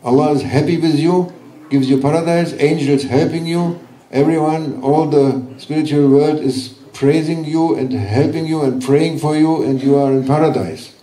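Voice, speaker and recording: A man giving a sermon at a religious gathering, speaking gently and teasingly in broken English to reassure his listeners. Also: fairly high pitch, normal speed. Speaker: sheikh giving a religious talk. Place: large hall at a gathering. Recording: roomy hall, voice from far off.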